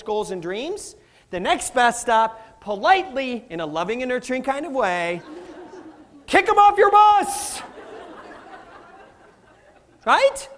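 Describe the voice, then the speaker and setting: A middle-aged man giving a live motivational talk, energetic and playful, quizzing the audience and laughing often. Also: very high-pitched, slight background noise. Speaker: motivational speaker.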